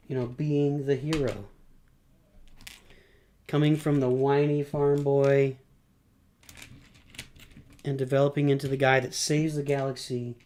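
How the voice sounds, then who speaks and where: Slow-talking middle-aged male streamer. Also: medium pitch, a little mellow. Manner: rambling, talks about himself in third person. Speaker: live streamer. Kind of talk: casual live-stream chat while building.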